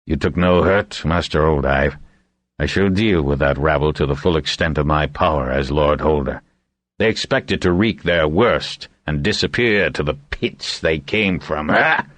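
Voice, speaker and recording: A man voicing a gruff, commanding middle-aged male lord holder in an audiobook, with a blustering, indignant manner. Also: a bass voice, unhurried, fairly bright tone, dry recording. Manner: barks orders, blustering and indignant.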